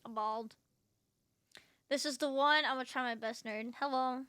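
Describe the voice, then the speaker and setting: A woman's voice: high-pitched, steady tone, moderate pace, a bit bright, clear, resonant tone, no echo. A woman from Canada, chatting casually with her viewers during a live game stream and swearing freely. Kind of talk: live gaming stream chat.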